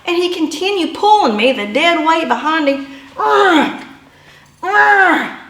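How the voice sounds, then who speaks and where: Woman, personal storytelling, animated, high voice, echoey room. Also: normal speed. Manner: animated, rising to yelps and shouts.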